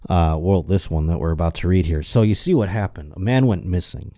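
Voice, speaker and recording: A sardonic male podcast host with a low, mellow voice reads news stories aloud and tosses in profane asides. He sounds worn out and low on energy. The room is dry and close. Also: lively intonation, a little fast, no room sound. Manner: profane, sardonic, riffing while reading articles aloud. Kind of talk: casual comedic podcast chat.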